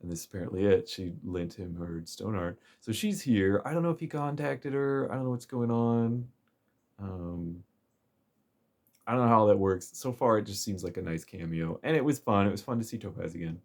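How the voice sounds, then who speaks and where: A man recaps a game's story chapter in a casual, rambling way, chuckling and using lots of fillers. His voice is lowish, with lively intonation and a moderate pace.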